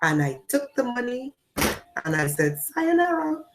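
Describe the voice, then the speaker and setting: Emphatic woman preaching with loud swings. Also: sing-song, normal speed. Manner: emphatic, swings between loud declarations and low asides; repeats phrases for emphasis. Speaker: spiritual teacher. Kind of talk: spiritual talk to an audience.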